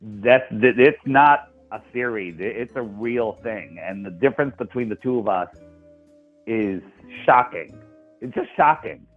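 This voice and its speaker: A man tells stories in a lively way, often repeating his words mid-thought. He is heard over a thin, phone-like call line. Faint music plays underneath. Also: on the low side, measured pace. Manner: animated storyteller, repeats words. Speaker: guest. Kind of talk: casual chat.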